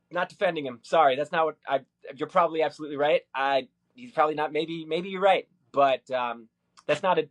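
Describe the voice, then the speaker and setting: A man with a somewhat high voice talks through his day in a personal vlog, loosely and hesitantly. He restarts his sentences often and fills the gaps with "uh" and "um." His delivery is unscripted and rambling. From Minnesota, USA. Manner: hesitant, many fillers and restarts. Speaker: vlogger.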